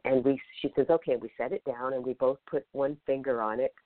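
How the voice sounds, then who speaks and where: A woman's voice: a bass voice, steady tone, a little fast, no echo. A woman hosting a show, telling a personal story in a rambling, hesitant way. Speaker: podcast host. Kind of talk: casual storytelling. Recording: tinny phone line, dry.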